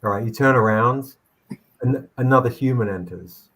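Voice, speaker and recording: A man's voice: medium pitch, a bit bright. A man narrating as game master in a tabletop game, rambling with frequent restarts. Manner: rambling, halting, many restarts.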